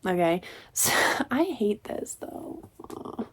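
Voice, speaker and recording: A woman at an ordinary middle pitch talks through a book review in a loose, chatty rant. She sounds exasperated and fills her sentences with "like" and "you know.". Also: very animated, takes it slowly, slightly rough. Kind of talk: casual ranting review.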